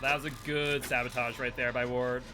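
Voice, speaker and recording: A man's voice: medium pitch, flat delivery, a little fast, over music. A man giving casual running commentary while playing a game live and chatting with viewers and teammates. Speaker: streamer.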